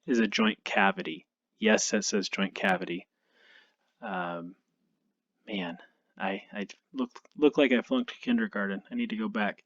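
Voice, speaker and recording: A male anatomy instructor giving a recorded lecture over slides, relaxed and self-deprecating, thinking aloud with frequent ums. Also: mid-range voice, dry recording, highs cut off. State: tired, yawning.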